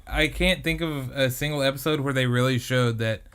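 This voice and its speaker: A man co-hosting an anime podcast, offering opinions in a halting, restarting way. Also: medium pitch, a bit bright, smooth. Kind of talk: casual podcast chat.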